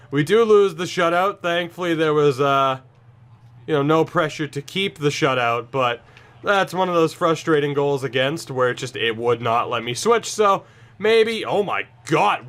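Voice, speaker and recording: A man giving casual commentary over his own video game match, tired and sarcastic, breaking into sudden excited outbursts. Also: on the high side. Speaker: gaming YouTuber.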